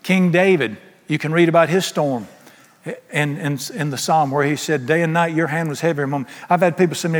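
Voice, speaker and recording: This middle-aged man preaches fairly quickly, his slightly high voice echoing with long reverb as though in a large church hall. The sermon is emphatic and folksy, broken up by funny asides.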